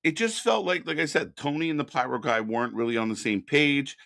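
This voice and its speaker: A man co-hosts a live wrestling reaction stream in a loose, casual way, often stopping to welcome viewers from the chat by name. His voice sounds bright and forward. The recording is dry and close, with no room echo. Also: medium pitch, a little fast, creaky.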